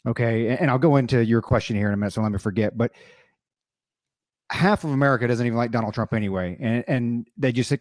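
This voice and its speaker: A man co-hosting a podcast, speaking in a measured way as he reads out tweets and adds hedging asides. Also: medium pitch, a little mellow, dry recording, clean studio sound. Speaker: podcast co-host. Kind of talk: casual political podcast talk.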